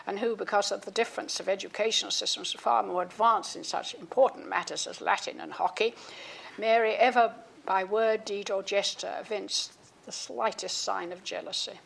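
An older woman with a gravelly, fry-edged voice gives a public talk and reads aloud from her own book. Between passages she breaks off with ums and false starts. Her pitch sits in an ordinary middle range. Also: normal speed, a bit bright. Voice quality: frequent ums and restarts between readings. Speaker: author giving a talk.

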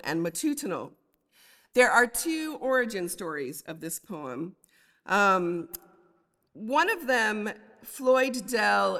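A woman lecturing on poems and reading them aloud, thoughtful and unhurried, with frequent ums. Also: fairly low pitch, fairly bright tone, big-room sound. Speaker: literature lecturer.

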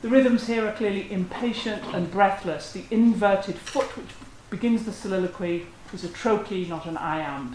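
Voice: mid-range voice, normal speed, darkish tone, a little hiss or hum. A lecturer giving an academic talk in a scholarly, analytical manner. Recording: roomy echo.

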